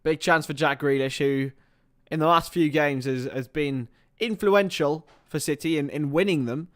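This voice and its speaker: A man in a slightly high register calls a football match live for his stream. He lurches from excitable play-by-play into loose, chatty asides and swears offhandedly. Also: moderate pace. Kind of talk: casual live match commentary.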